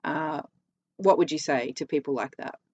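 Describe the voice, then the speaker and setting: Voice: mid-range voice, normal speed, darkish tone, muffled recording, slight background noise. An Australian podcast host chatting casually, laughing often and telling stories with energy. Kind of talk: casual chat.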